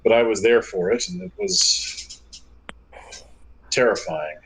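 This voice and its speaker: A man voicing an ancient male vampire elder who talks in a hushed, shaken and hesitant way. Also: on the low side, very animated, slow, pitched below the performer's own voice, heavily acted, poor audio.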